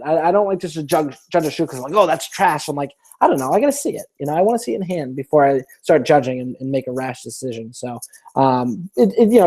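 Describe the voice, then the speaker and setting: A man's voice: a little high, warm tone. A man hosting a casual live-stream Q&A, reading viewer questions aloud and rambling through his answers with many restarts.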